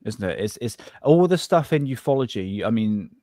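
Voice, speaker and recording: A man's voice: mid-range voice, expressive, normal speed, warm tone, no room sound, clean studio sound. A man from Southwest England with a Southwest English accent, chatting casually on a live stream as co-host, rambling with frequent restarts. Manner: rambling, restarts often, says "mate".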